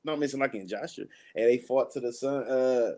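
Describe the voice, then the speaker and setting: A man's voice: mid-range voice, fairly quick, a little mellow. A man joining a casual Bible discussion. He talks in laid-back slang, laughs between points and searches for verses. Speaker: Bible study participant.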